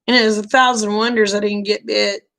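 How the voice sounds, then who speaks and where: A middle-aged woman, telling a folksy story in a casual, animated way and acting out the quoted dialogue. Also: medium pitch, fairly quick, vocal fry. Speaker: vlogger telling stories.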